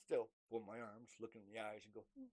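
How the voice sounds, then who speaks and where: A young man in a casual, halting vlog monologue, with many fillers and restarts, acting out imagined dialogue. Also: fairly low pitch, flat delivery, a little mellow, breathy edge. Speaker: vlogger.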